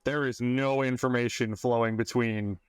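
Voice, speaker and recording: A man's voice: medium pitch, fairly even intonation, normal speed, clear, resonant tone, no echo. A man co-hosting a casual podcast chat, laying out researched stories in a matter-of-fact way. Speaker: podcast co-host.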